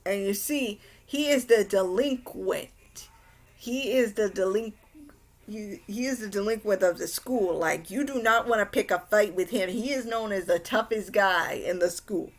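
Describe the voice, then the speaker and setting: A woman's voice: mid-range voice, normal speed. A young woman giving a casual anime recap, rambling and exasperated, with frequent restarts. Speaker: anime reviewer.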